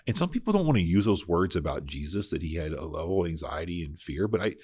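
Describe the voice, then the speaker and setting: Low husky-voiced man hosting a podcast. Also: sing-song, fast, a little mellow. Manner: earnest, reflective, with frequent restarts. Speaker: podcast host. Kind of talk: casual Bible discussion podcast.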